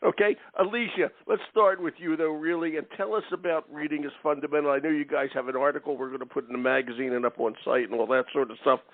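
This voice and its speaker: A man's voice: fairly high pitch, steady tone, fast talker, hardly any pauses. A man hosting a casual talk radio show, chatty and jokey, who keeps saying "okay". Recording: tinny, dry phone-like line.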